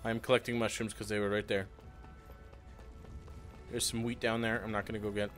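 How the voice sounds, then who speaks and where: A man's voice: fairly low pitch, little pitch movement, brisk, fairly bright tone, faint music behind. A man hosting a let's play, chatting casually and poking fun at himself while he reads game text aloud. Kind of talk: casual gameplay commentary.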